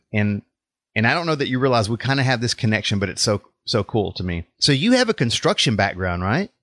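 A man's voice: medium pitch, fairly bright tone, no echo. A man with a Texas accent hosting a faith podcast interview, upbeat and welcoming. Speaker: podcast host and life coach.

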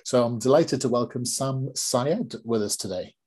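A man hosting a podcast, talking in a measured, reflective way with frequent fillers as he introduces and questions a guest. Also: medium pitch, darkish tone, breathy edge. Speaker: podcast host. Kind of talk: conversational interview.

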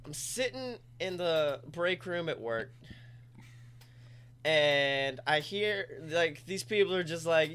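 Young male podcast host, high bright voice, animated storyteller who swears a lot. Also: slow, smooth. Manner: animated, swears freely, acts out the people in his story. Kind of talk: casual comedic storytelling.

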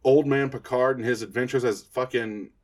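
A man's voice: mid-range voice, steady tone, moderate pace. A man co-hosting a podcast in casual chat, ranting and cursing with lots of stammered restarts. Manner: profane, stammering rants about fandom. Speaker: podcast co-host.

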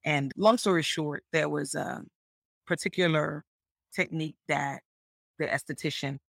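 Woman host with a low gravelly voice, bright tone, dry close sound, candid and relaxed. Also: measured pace, no echo. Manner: candid, relaxed, personal storytelling. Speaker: interview host. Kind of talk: casual personal conversation.

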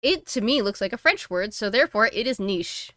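A woman's voice: fairly high pitch, expressive, fast, pushed and bright, no room sound. A woman co-hosting a casual podcast, chatty and blunt, laughing easily and swearing. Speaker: co-host and streamer.

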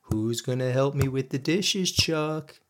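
A man voicing his wife, an adult woman who nags and taunts him with slow, sing-song repetition. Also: medium pitch, natural voice. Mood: taunting. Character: nagging wife, adult woman, sarcastic and persistent.

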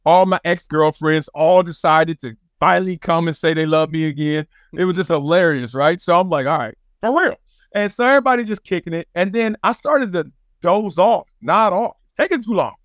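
A high-pitched man with a Southern California accent tells stories in a relaxed, animated way, laughing often and slipping into the voices of the people he quotes. He is a former football player looking back on his career. The sound is close and dry, with no room in it. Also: normal speed, no echo. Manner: animated, laughing storyteller who acts out quotes. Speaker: podcast guest, former NFL player and sports broadcaster. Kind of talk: casual storytelling interview.

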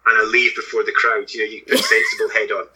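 Quick, sharp-toned man with a raspy edge. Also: on the low side, little pitch movement, slight background noise, low-quality recording. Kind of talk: casual chat.

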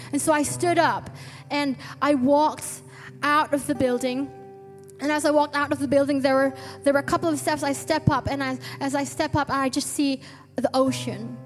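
High-pitched woman preaching, earnest n animated, lots of restarts, echoey church with soft music. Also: moderate pace. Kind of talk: sermon. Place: church hall. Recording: long reverb with faint music.

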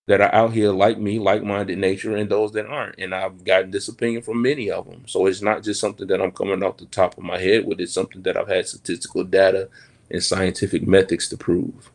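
A man's voice: fairly low pitch, vocal fry. A man talking frankly and animatedly in a casual podcast conversation, swearing now and then.

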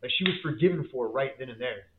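Speaking quickly with lively intonation in a mid-range voice, this man, a business owner and guest, recounts his faith in a fervent, emotional testimony while a crowd can be heard behind him. His casual, slangy talk keeps circling back and restarting, and the line has a thin, phone-like quality.

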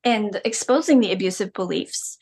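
A middle-aged woman speaks as a podcast guest, telling her own story in candid, emphatic terms. Her voice sits in a middle pitch range, and she laughs often as she talks. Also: moderate pace, darkish tone, breathy edge. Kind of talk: personal storytelling interview.

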